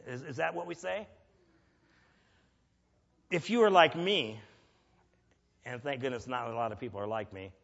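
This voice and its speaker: A man's voice: medium pitch, measured pace, gravelly, long pauses, a bit bright. A man preaching a sermon in a conversational way, asking the audience questions and acting out grumbling prayers. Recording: long reverb, dull lo-fi sound.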